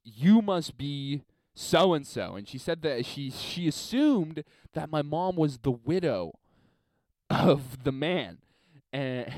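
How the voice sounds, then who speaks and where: A man rambles through a solo podcast story, swearing freely and chuckling at himself. His voice is smooth and clean, and his pitch rises and falls a lot. The sound is close and dry, with no room around it. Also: dry recording. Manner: rambling, profane, laughs at his own story. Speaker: podcast host.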